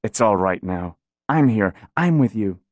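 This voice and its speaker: Hushed, soothing adult daughter in a dry, close take, read by a man. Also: medium pitch, measured pace, no echo, close to an everyday voice.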